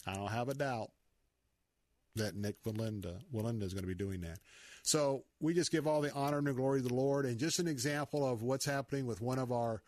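A man's voice: medium pitch, fairly quick, darkish tone, no room sound. A man with a Southern accent hosting a Christian talk radio show, speaking in a folksy, preachy, conversational way.

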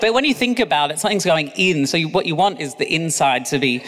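A man's voice: fairly high pitch, fast, fairly bright tone, long reverb tail, a little hiss or hum. A man narrating his own memoir as an audiobook, with cheeky asides. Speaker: author reading own memoir.

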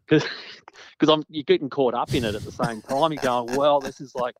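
A man's voice: medium pitch, moderate pace. A man as a guest recalling interviews, rambling with many restarts and fillers. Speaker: guest journalist. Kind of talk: casual interview chat. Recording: dull lo-fi sound.

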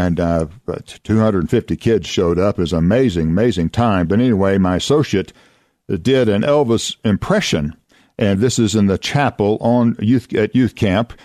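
A man's voice: lowish voice, a little mellow, dry recording, studio quality. An older man from Oklahoma, a radio host and former youth minister telling folksy anecdotes, chuckling and acting out voices. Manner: chuckling, acts out voices in his stories.

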